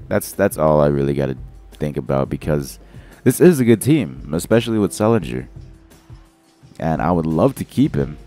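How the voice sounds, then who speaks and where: Low-voiced young man commentating a game. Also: warm tone. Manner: rambling, self-correcting, groggy morning voice. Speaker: gaming commentator. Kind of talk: casual gameplay commentary.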